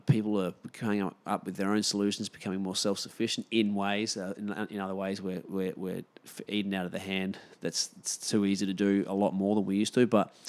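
Low-ish voice guy ranting casually, swears a lot, keeps restarting sentences. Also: a little mellow. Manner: rambling, swears freely, frequent restarts. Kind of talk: casual opinion monologue.

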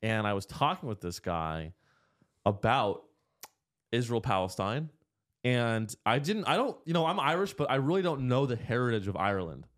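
A young man hosts a loose, joking podcast chat in a mid-pitched voice. He laughs a lot and jumps up high and squeaky whenever he wants a point to land. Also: moderate pace. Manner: jokey, animated, laughs often, high squeaky bits for emphasis. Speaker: podcast host. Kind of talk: casual chat.

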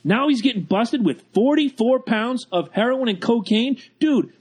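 Brash, crude middle-aged male podcast co-host with a high-pitched voice. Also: expressive, moderate pace, a little mellow, slightly rough. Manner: brash, profane, mocking. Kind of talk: casual podcast banter.

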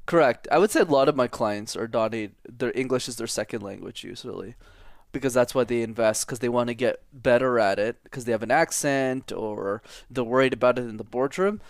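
A man's voice: mid-range voice, a little fast, no echo, clean studio sound. A young Canadian man whose first language is French, answering interview questions as a public speaking coach in a confident, emphatic way.

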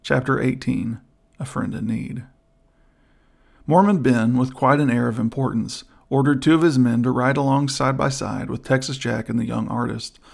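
A man narrating an adventure audiobook in a steady, even reading. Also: mid-range voice, vocal fry, slightly rough. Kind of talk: scripted narration.

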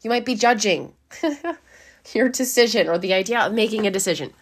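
A woman, a life coach giving a gentle, encouraging talk with a slightly dry throat, who laughs often and acts out inner voices. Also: mid-range voice, lively intonation, moderate pace, husky. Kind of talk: casual motivational talk.

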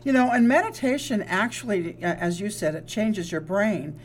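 A woman's voice: mid-range voice, expressive, normal speed, a little hiss or hum. A woman co-hosting a wellness talk show as a psychologist. She speaks earnestly in casual chat, often restarting with fillers. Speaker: co-host, psychologist.

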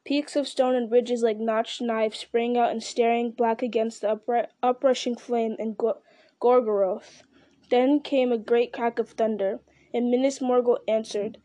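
A woman reading a fantasy novel aloud in a steady, measured voice, with the odd slip and restart. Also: fairly high pitch, no echo. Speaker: audiobook reader. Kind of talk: storybook narration.

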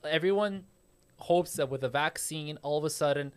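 A man's voice: on the high side, normal speed, clear, resonant tone. A man hosting a casual podcast, explaining with frequent profanity and stammered restarts.

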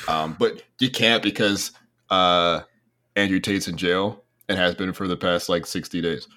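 A man's voice: low voice, steady tone, measured pace, pushed and bright. A man co-hosting a podcast, talking in a meandering, hesitant way with many ums. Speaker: podcast co-host. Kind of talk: casual podcast chat.

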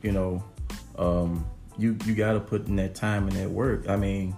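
A man co-hosting a casual podcast, speaking earnestly and easily, often circling back over his points. His voice is low with a gravelly edge. Faint music plays in the background. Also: normal speed. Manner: relaxed, earnest, repeats phrases. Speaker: podcast co-host. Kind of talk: casual conversation.

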